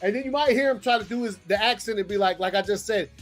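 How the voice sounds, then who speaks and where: A man hosting a show and giving casual commentary on movie news, animated, slangy and often profane as he thinks aloud. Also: high voice, fast talker, faint music behind. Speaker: pop-culture show host.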